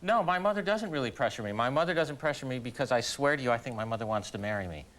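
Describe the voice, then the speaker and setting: A man chatting as a talk show guest, telling comic stories in a halting, self-deprecating way, full of restarts. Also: medium pitch, lively intonation, a bit bright. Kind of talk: comic storytelling chat. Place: television studio with live audience.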